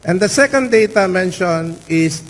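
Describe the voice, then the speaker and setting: A man giving a formal statement as a party representative at an election canvass hearing, deliberate and stressing key words. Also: high-pitched, lively intonation, big-room sound, poor audio.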